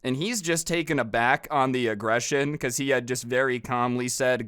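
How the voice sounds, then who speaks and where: A man's voice: mid-range voice, normal speed, hardly any pauses, a bit bright, clean tone, no echo, studio quality. A man telling a storytime in a casual, sarcastic, conversational way. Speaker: storytime narrator.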